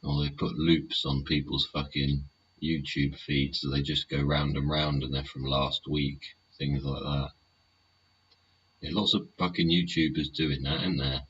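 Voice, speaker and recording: The recording is muffled lo-fi with faint hiss, capturing a man hosting a solo live show at home. He has an unhurried bass voice with little pitch movement and a fairly bright tone, and he rambles, swears a lot, and tags his points with questions.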